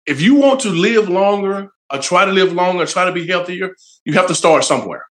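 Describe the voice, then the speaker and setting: A man's voice: sits high, expressive, fairly quick, a bit bright. A man, a fitness trainer guest, giving blunt, motivating advice in a casual interview. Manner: blunt, motivating, plain-spoken.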